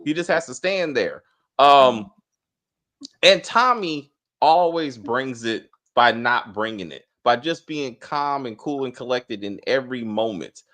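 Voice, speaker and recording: Male host for a casual show recap; animated, crude, mimics characters. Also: mid-range voice, measured pace. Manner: animated, swearing, acts out characters' lines. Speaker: podcast host. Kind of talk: casual TV review chat.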